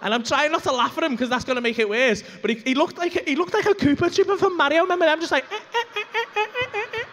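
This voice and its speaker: Young scouse bloke doing stand-up, high voice, swears a lot, echoey club hall. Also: male voice, racing, few pauses. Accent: Liverpool. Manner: animated, swearing storyteller. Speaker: stand-up comedian. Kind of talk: stand-up comedy. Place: comedy club stage. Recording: reverberant comedy club hall.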